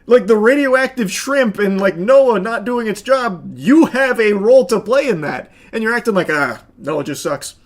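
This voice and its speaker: A man's voice: very high voice, lively intonation, normal speed, hardly any pauses. A man streaming casual reaction commentary, sarcastic and exasperated, swearing often as he picks apart a clip.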